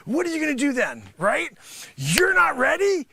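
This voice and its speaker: A man's voice: very high-pitched, wildly swooping pitch, moderate pace, creaky, sharp tone, dry recording, exaggerated voice. A man voicing a boastful, greedy male karate sensei in an improvised comic bit, scolding and bragging at his students. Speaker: livestream musician host.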